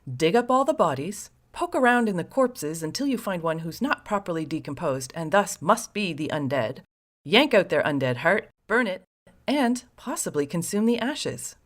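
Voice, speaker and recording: A woman's voice: fairly low pitch, sing-song, moderate pace. A woman host narrating a scripted story with sardonic, wry asides to the listener.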